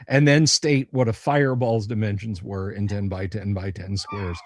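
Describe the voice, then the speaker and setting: A man working as dungeon master, describing a scene in a halting way with many pauses and fillers. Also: lowish voice, steady tone, crowd noise. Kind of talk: running a tabletop game on a livestream.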